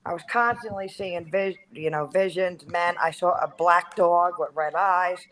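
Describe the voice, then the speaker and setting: A woman in her thirties tells a spooky personal story in an easy, chatty way. Her voice sits a little low, and she peppers her speech with "like" while acting out what people said. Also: steady tone, normal speed, a loud crowd, low-quality recording. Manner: chatty, heavy use of "like", acts out quotes. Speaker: guest storyteller. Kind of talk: casual storytelling.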